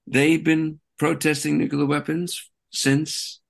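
A man being interviewed as a guest, recounting events in an animated, rambling way. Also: a little high, slow, gravelly. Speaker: interview guest, peace activist. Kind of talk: conversational interview.

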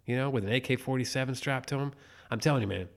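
A man's voice: mid-range voice, quick pace, vocal fry. A man co-hosting a podcast, chatting casually and animatedly about movies, swearing and laughing often. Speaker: podcast co-host. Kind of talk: casual chat.

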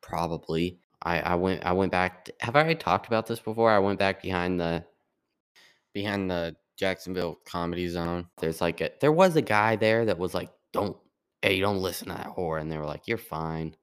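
A man's voice: low voice, moderate pace, smooth. A young man talking in a casual, rambling monologue, full of restarts and fillers. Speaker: podcast host.

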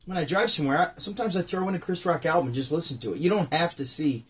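A man casually commenting on comedy clips, laughing often and repeating the jokes excitedly. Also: on the high side, racing, breathy edge. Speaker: host reacting to comedy.

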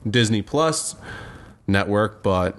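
A young man with a fairly low voice, rambling through a casual conversation. He leans on filler words and drops a curse now and then. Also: animated, slow pace, fairly bright tone. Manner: rambling, full of "like" fillers, swears. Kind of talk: casual chat.

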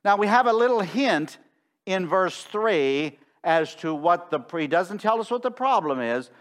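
Pastor, middle-aged male, emphatic sermon delivery, slightly higher voice, leans on key words. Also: expressive. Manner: emphatic, slows down to stress phrases. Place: church sanctuary.

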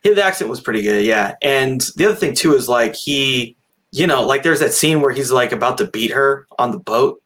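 Man, podcast co-host, relaxed joking film talk, medium pitch. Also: moderate pace. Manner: relaxed, joking, laughs at own points. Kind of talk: casual film review chat.

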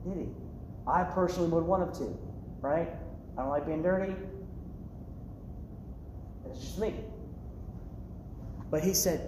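A man preaching a lively, casual sermon to students, acting out the characters in the story with loud outbursts and slang. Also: a little high, measured pace, long pauses, slight background noise. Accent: American. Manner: animated, acts out the characters' lines, casual slang. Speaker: youth pastor. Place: church hall. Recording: echoey church hall.

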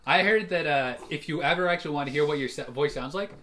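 A man's voice: a little high, fast, noisy background. A man co-hosting a casual comedy podcast, rambling with lots of fillers and giggles. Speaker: podcast co-host.

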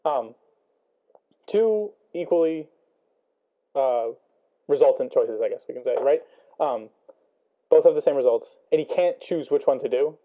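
A man's voice: mid-range voice, lively intonation, measured pace, long pauses, mellow, dull audio. A young man talking through a book chapter casually, thinking aloud with many ums and rhetorical questions. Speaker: student discussing a book.

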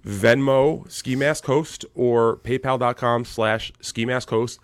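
A male podcast co-host talks in loose, rambling banter, swearing freely and sliding into a low, downbeat tone on serious points. His pitch sits in an ordinary middle range. The sound is close and dry, with no room in it. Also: fairly even intonation, slow, no echo.

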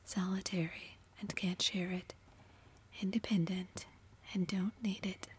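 A woman voicing a spirited, blunt young writer as a whispered role-play, in an even hush. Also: medium pitch, unhurried, a little hiss or hum, lightly acted. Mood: wistful. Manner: whispered, exclaiming.

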